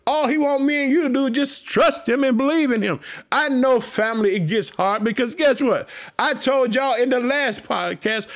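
A man preaching to his podcast listeners as pastor, excited and repetitive. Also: very high voice, normal speed, hardly any pauses. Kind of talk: podcast sermon.

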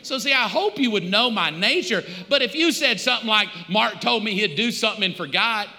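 High, bright-voiced pastor in a reverberant hall. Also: male voice, lively intonation, fairly quick. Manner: conversational storytelling with humor. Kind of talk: sermon.

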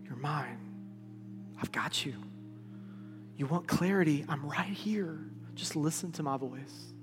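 A preacher voicing God as a hushed, tender whisper. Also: male voice, a little high, takes it slowly, long reverb tail, music in the background, voice pushed down. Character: gentle God, whispering and close.

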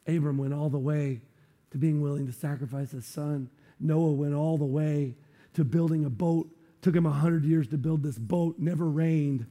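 A man preaching a sermon with animated delivery, often repeating words as he builds up, his voice a little strained. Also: a little high, normal speed. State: voice strained, close to giving out. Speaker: pastor.

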